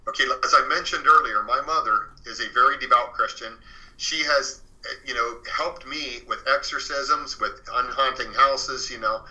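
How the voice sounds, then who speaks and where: A man's voice: medium pitch, sharp tone, rough recording. A man as an interview guest, earnestly telling a true paranormal story in a casual way, full of fillers. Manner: earnest and conversational, many fillers.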